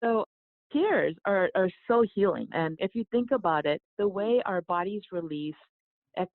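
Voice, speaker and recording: A woman who grew up in South Korea, a yoga teacher and guest, telling a personal story in a soft, reflective way with frequent restarts. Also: medium pitch, animated, moderate pace, no room sound. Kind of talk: conversational storytelling. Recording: dry, phone-like remote line.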